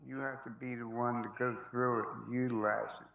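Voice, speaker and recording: A man's voice: mid-range voice, level tone, brisk, gravelly, fairly bright tone, muffled recording. A man co-hosting a trading stream, adding short agreeing remarks. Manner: brief agreeing interjections.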